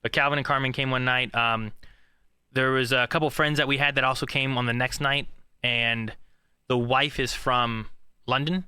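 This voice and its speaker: Bright-toned man in casual chat. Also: mid-range voice, fairly even intonation, moderate pace, clean tone, dry recording, clean studio sound. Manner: rambling, many fillers and restarts. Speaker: podcast co-host.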